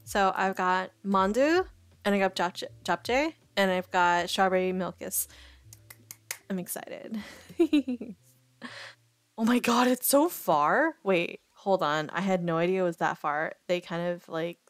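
A woman's voice: fairly low pitch, animated, a little slow, no room sound. Rambling woman streamer, dry close mic. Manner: rambling, indecisive, thinking aloud. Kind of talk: casual live-stream chat.

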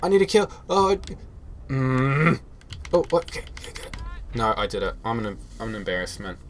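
A man's voice: mid-range voice, very animated, moderate pace, a little hiss or hum. Self-mocking man playing a game. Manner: self-mocking, chatty, swears when frustrated. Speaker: game player. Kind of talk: solo gameplay commentary.

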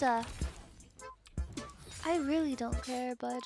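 Gamer woman with a high voice, swearing and venting as she plays, with game music clear behind her. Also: steady tone, measured pace, pauses often, a little mellow. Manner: profane, exasperated running reactions. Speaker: streamer. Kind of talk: casual gameplay commentary.

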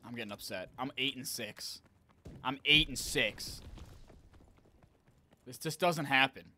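A young man giving excitable live commentary on an online shooter match, talking to his viewers and trash-talking as he plays. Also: mid-range voice, a little slow, slight background noise. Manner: excitable, talks to viewers, trash-talks while playing. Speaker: gaming channel host.

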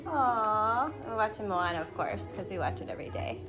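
A woman's voice: medium pitch, animated, normal speed, music in the background. Sing-song woman with a cold. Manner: sing-song baby talk to the puppies. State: has a cold. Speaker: dog breeder. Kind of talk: casual vlog, chatting to puppies. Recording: noisy background.

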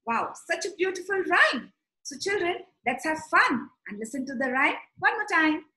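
A woman teaching young children, telling a story and guiding letter writing in a slow, sing-song, animated way. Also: very high voice. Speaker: preschool teacher. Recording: echoey room.

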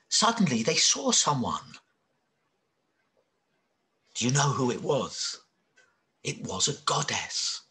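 A man telling a children's story, very expressive and dramatic, dropping to whispers and rising to cries. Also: on the high side.

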